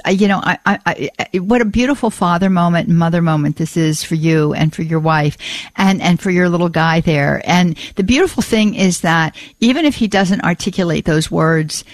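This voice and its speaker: A woman hosting a call-in radio show, effusive and warm with praise, often repeating her words, on a studio mic. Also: fairly low pitch, no room sound. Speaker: radio talk show host.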